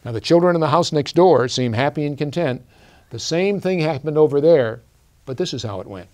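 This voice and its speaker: A middle-aged man tells a personal story in a presentation. He speaks earnestly and haltingly, pausing and restarting often, with fillers running through his talk. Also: a little high, lively intonation, darkish tone. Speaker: guest speaker.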